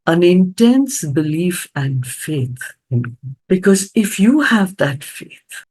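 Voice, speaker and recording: An older woman giving a motivational talk to students, telling her story with earnest storytelling and lively acted-out quotes. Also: low-pitched, creaky, husky, rough recording. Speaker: motivational speaker.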